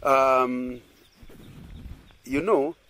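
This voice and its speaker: A man's voice: medium pitch, fairly even intonation, extremely slow, bright, forceful tone, poor audio. A man teaching in a sermon style who keeps checking that listeners agree and often repeats and restarts his phrases. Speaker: Christian teacher.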